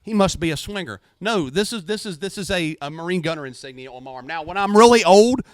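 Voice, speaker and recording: A middle-aged man, a retired Marine, co-hosting a casual podcast chat with profane, animated storytelling. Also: sits high, quick pace, dry recording. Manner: profane, animated, acts out shouting.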